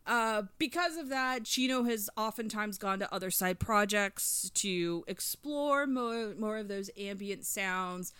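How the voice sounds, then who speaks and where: A woman's voice: medium pitch, animated, a little slow, few pauses, fairly bright tone, clean tone, no echo. A woman in her thirties casually chatting on a podcast about music, rambling with lots of fillers and eager storytelling. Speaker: podcast co-host reviewing an album.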